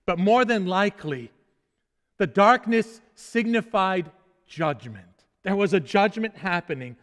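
A man's voice: high voice, animated, a little slow, fairly bright tone, long reverb tail. A male pastor preaching earnestly, stumbling over repeated words and letting his phrases sink to solemn endings. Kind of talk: sermon.

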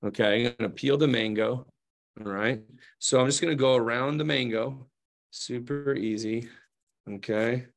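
A man's voice: medium pitch, moderate pace. Chatty man demoing knife skills. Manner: chatty, checks in with "right?" and "okay?" often; playful asides while demonstrating. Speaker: knife demonstrator. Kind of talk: hands-on cooking demonstration.

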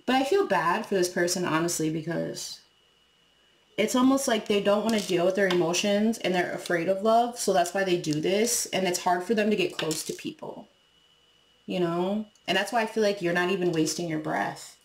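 A woman's voice: fairly low pitch, normal speed, echoey room, a little hiss or hum. A woman giving a casual tarot reading to her viewers, talking frankly, swearing freely and laughing as she acts out what people say. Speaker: tarot reader.

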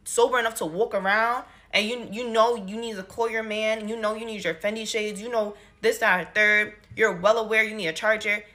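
A young woman with a bright, forceful voice tells a casual storytime monologue into her phone. She is animated and exasperated, full of slang and emphatic asides. Her pitch sits in an ordinary middle range. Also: a little fast, few pauses.

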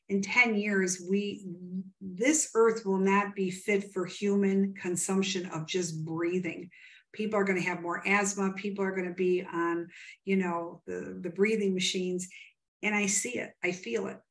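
Earnest rambling woman storyteller. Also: mid-range voice. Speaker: psychic medium. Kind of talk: interview guest telling stories.

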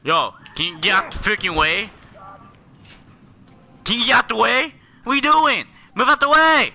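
A man playing a video game with friends, exasperated and shouting over and over as he tries to get past someone. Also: extremely high pitch, moderate pace, vocal fry, slight background noise. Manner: exasperated, shouting, repeating himself. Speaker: gamer recording his play. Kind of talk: casual gameplay chat.

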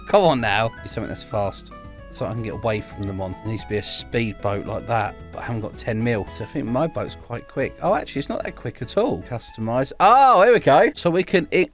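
A young man casually commentating on his gameplay, chatty and excitable, often laughing. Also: a little high. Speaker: gaming YouTuber. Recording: faint game music behind.

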